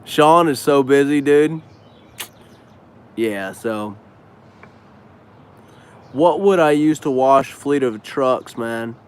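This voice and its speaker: A man's voice: mid-range voice, slow pace, long pauses, clean tone. Slangy man chatting on a live stream. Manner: loose, slangy, cusses freely. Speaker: business owner and trainer hosting a live stream. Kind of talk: casual live-stream chat answering viewers.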